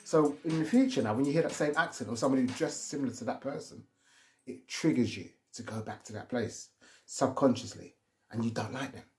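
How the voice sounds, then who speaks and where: A man's voice: medium pitch, fairly quick, a little hiss or hum. A man giving rambling, casual advice on emotional triggers, often restarting his sentences. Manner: rambling, repeats and restarts himself.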